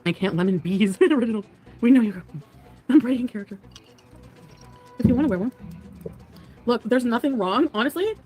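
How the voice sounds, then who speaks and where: In soft background music, a woman with a fairly high, mellow, husky voice talks briskly and animatedly, pausing often. It's an archived live stream played in a reaction, where she giggles through casual chat with her viewers and dodges questions to keep things private.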